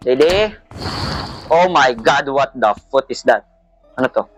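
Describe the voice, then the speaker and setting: A man commenting on a horror game as he plays, jumpy and excitable, yelping at scares. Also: medium pitch, measured pace, dull audio, soft background music. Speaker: gamer playing a horror game. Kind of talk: let's play commentary, mixing Tagalog and English.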